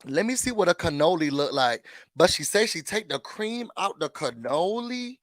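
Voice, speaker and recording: High, bright-voiced man recapping reality TV. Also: normal speed, no room sound. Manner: animated, chatty, laughing, dramatic asides. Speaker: YouTube host. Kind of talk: casual reality-show recap commentary.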